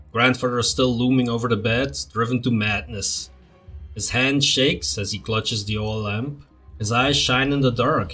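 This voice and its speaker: A man's voice: mid-range voice, pushed and bright, husky. Man narrating a story game. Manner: dramatic storybook reading, blunt asides. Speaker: let's play host. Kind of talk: reading game text aloud with casual comments.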